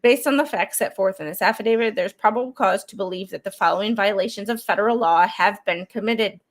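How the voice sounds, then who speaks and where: A woman with a medium-pitched voice talks fast as she streams true crime, reading court documents in a relaxed, chatty style. She keeps wandering into asides, and a lingering cold makes her cough now and then.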